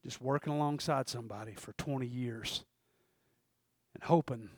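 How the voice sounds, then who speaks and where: A middle-aged man preaching a sermon and telling a personal story in a folksy way, swinging from hushed to loud. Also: mid-range voice, moderate pace, a little hiss or hum. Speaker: pastor. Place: church sanctuary.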